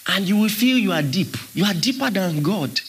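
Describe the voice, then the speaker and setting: A man's voice: high-pitched, lively intonation, moderate pace, slight background noise. A man preaching a sermon, emphatic and questioning his congregation as he teaches. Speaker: pastor.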